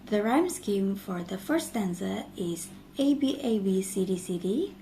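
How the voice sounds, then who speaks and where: A young woman student giving a class presentation, reading her part in a steady, list-like way. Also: medium pitch, a little slow, rough recording. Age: young adult. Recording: faint background noise.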